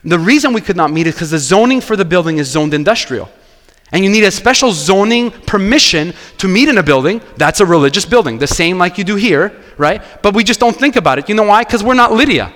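High-voiced pastor preaching. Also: male voice, fairly quick, big-room sound. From Quebec. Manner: animated storytelling, acting out dialogue. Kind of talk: sermon.

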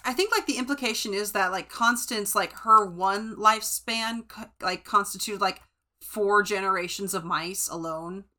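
A woman co-hosts a casual book podcast, her voice bright and forward. She rambles along loosely with lots of fillers and restarts. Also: mid-range voice, moderate pace. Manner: chatty, many fillers and restarts. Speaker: podcast co-host.

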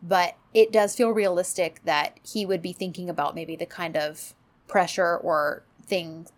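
A woman's voice: fairly low pitch, steady tone, a little slow. A woman co-hosting a casual chat, talking loosely with many fillers and little laughs. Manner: chatty, many fillers and laughs, quotes characters. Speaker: podcast co-host.

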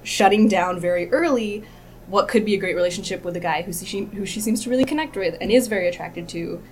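A woman's voice: mid-range voice, noisy background. A woman speaking as a podcast guest in casual chat, rambling and full of "like". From United States. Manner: fast, rambling, frequent "like".

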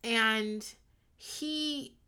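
A young woman talks through her favorite sitcom moments in loose, rambling chat. Her voice is bright and forward, and she slips into quick acted-out lines for the characters. She laughs often and loses her track, then picks it back up. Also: on the high side, clear, resonant tone. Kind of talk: casual chat recapping a sitcom.

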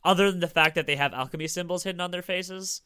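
Man, bright clear voice, casual podcast chat, enthusiastic, dry sound. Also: sits high, dry recording. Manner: fast, enthusiastic, swears casually.

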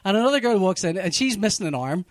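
High-voiced man, dry sound. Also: quick pace, no echo. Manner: animated, profane storytelling with frequent restarts. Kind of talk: casual chat, recapping a TV show.

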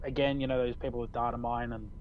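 A man's voice: mid-range voice, little pitch movement, fast talker, lo-fi sound. A man with an Australian accent co-hosting a gaming podcast, talking in a laid-back, meandering way with many fillers. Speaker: podcast co-host. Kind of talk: casual chat.

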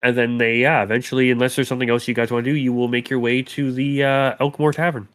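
A man's voice: mid-range voice, little pitch movement, fairly bright tone. Chatty man running a tabletop game. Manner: loose, chatty narration with quick put-on character voices. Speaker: game master.

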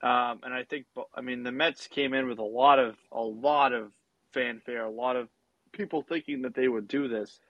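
A man co-hosting a casual sports chat, rambling through restarts and fillers. His voice sits at a middle pitch for a man. The sound is close and dry, with no room around it. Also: steady tone, moderate pace, dry recording, muffled recording. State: has the hiccups. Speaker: podcast co-host.

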